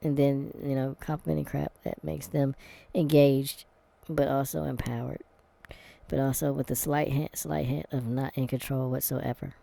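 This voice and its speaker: A man's voice: medium pitch, level tone, moderate pace, creaky, mellow, no echo. A man thinking aloud in a casual vlog, blunt and wry, with sighs and restarts as he answers test questions. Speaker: vlogger taking a personality test. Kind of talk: casual spoken commentary to camera.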